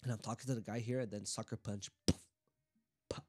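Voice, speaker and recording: A French-speaking man telling a rough street story in casual podcast chat, swearing and quoting himself. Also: fairly low pitch, fairly even intonation, fast, a little mellow, a little hiss or hum. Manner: loose, profane, quoting himself.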